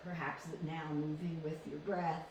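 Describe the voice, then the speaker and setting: A woman leading a guided yoga class with calm, encouraging cues, often restarting her phrases. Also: low-pitched, moderate pace, slight background noise. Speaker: yoga instructor. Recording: echoey room, distant from mic.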